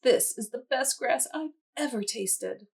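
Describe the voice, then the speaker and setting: A woman's voice: a little high, lively intonation, a little slow, creaky, darkish tone, husky, full character voice. A woman reading aloud and voicing a careless goat who bleats, in a children's story. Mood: dismissive. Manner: dismissive, bleating. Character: greedy, careless goat munching grass.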